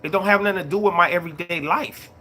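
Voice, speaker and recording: Casting: middle-aged male streamer, somewhat high voice, very bright and forceful, laid-back chat to viewers. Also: fast. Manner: laid-back, repeats himself, greets chat mid-story. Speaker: YouTube live streamer. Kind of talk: casual livestream talk to viewers.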